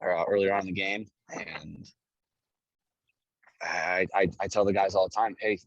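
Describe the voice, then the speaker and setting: Low-voiced man telling an excited story. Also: a little slow, dry recording, dull audio. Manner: excited, swears, repeats phrases. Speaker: guest, pro hockey goaltender. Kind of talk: casual emotional storytelling.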